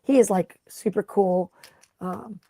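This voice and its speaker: A chatty, middle-aged woman with a lilt hosts a laid-back craft livestream, rambling along and greeting viewers by name. Her mid-range voice is mellow, warm and a bit gravelly, and she speaks slowly. The recording is close and dry, with no room sound.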